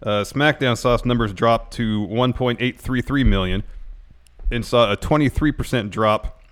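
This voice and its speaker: A man's voice: medium pitch, normal speed. A man co-hosting a casual wrestling podcast, talking in a wry, sarcastic way. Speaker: podcast co-host.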